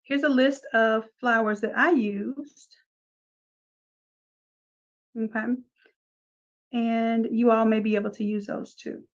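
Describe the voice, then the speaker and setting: A chatty woman with a slightly high voice, talking her class through a design tutorial step by step. The sound is dull and lo-fi, like a live stream, and her delivery stays relaxed and conversational. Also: slow, long pauses. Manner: casual, chatty, talks through each step. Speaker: design instructor. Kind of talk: live screen-share tutorial.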